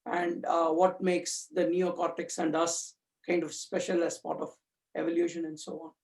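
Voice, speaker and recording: A man's voice: fairly high pitch, little pitch movement, normal speed, vocal fry. A man giving a thoughtful personal talk about his spiritual reading, searching for words with frequent fillers and restarts. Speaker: community speaker.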